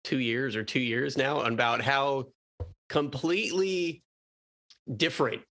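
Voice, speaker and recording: A man co-hosting a casual podcast chat, relaxed and chatty with a slightly nasal voice. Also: medium pitch, a little slow. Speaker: podcast co-host.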